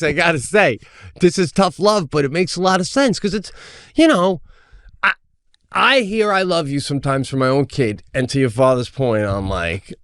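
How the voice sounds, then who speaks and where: A man's voice: high-pitched, fairly bright tone, no echo. A middle-aged man co-hosting a podcast in casual chat, laughing often and asking questions as he mimics voices in his stories. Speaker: podcast co-host.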